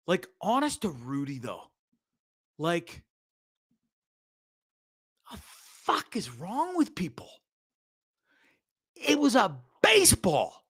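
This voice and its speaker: This is a male show host ranting over a video clip in a bright, sharp voice. His pitch swings widely, and he talks in a profane, sarcastic and animated way. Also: slow, pauses often, husky.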